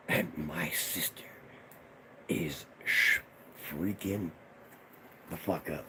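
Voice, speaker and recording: A man from Israel hosting a livestream, telling family stories in a casual, profane, animated way. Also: extremely low pitch, drawn-out words, long pauses, background noise. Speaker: livestream host. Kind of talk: casual storytelling.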